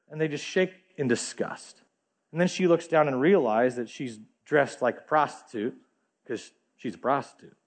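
A male pastor preaching a sermon, telling a story vividly and speaking directly to his congregation. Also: high voice.

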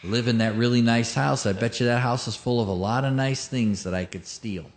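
A preacher voicing a sneaky burglar in a joke, musing slyly to himself. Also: male voice, medium pitch, brisk, natural voice. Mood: scheming. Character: sneaky male burglar sizing up a house.

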